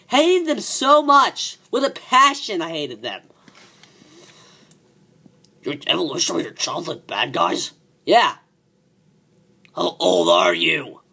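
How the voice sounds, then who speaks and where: A man ranting profanely as a wrestling show reviewer, excitable and repeating himself. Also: high-pitched, slightly rough. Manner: excitable, swearing, repeats words. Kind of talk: profane rant.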